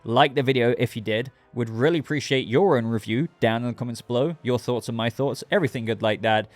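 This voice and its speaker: A man's voice: mid-range voice, fast, dry recording, faint music behind. Rambling chatty male show reviewer. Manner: rambling, chatty, addresses viewers directly. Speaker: host of a TV review channel. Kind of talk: casual spoken episode review.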